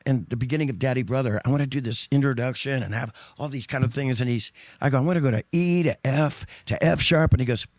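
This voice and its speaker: A man's voice: medium pitch, fast, hardly any pauses, dry recording. A man in easy conversation, telling anecdotes in a loose, rambling way. He stops to correct himself and laughs often. His voice sits in a middle register and is recorded close and dry, with no room sound. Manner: rambling, self-correcting storyteller with frequent laughs. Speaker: guest singer. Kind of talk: casual chat.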